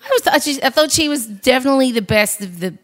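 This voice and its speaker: A woman's voice: high voice, expressive, fast. A woman hosting a podcast, reviewing a film in casual, opinionated chat with frequent restarts. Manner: chatty, opinionated, ranting with restarts. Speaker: podcast host.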